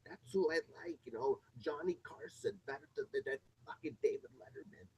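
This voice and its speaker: Man imitating a breathy old grandma. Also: fairly high pitch, huge pitch swings, moderate pace, a little mellow, pitched above the performer's own voice, exaggerated voice, low-quality recording. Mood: fond. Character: old grandmother, soft and fond.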